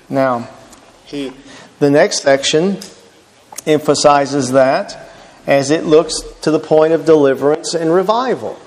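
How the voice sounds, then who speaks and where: Slow-speaking preacher man in reverberant hall. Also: fairly high pitch. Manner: slow, deliberate preaching, reads verses aloud and expounds them. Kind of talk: sermon reading scripture.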